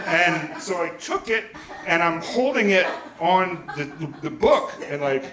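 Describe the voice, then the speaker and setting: A man in his forties tells a comic story on a small theater stage, with a fairly high voice that swings widely up and down. He rambles, mocks himself and laughs along as he goes. The room sound rings around him. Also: animated, measured pace, crowd noise. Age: 40s. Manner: rambling, self-mocking, laughs mid-story. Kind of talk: live comedic storytelling. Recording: roomy live theater sound.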